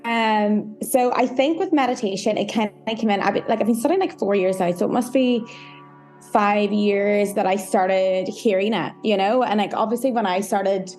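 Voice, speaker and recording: A woman's voice: mid-range voice, moderate pace, darkish tone, soft background music. Chatty, frank woman guest on a podcast. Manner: chatty, frank, many fillers like "like" and "you know". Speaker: podcast guest, meditation coach. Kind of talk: casual podcast interview.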